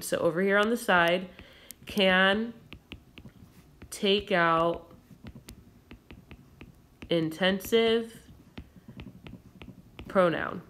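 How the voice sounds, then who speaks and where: A woman teacher explaining a recorded grammar lesson patiently and clearly, with occasional fillers. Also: mid-range voice, sharp tone.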